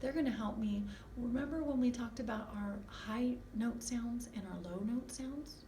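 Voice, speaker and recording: Woman music teacher on a video lesson for little kids, high sweet voice, asks lots of questions, mic kinda far, little room hiss. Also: dark tone. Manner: slow, encouraging, asks children many questions. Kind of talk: recorded video lesson for young children.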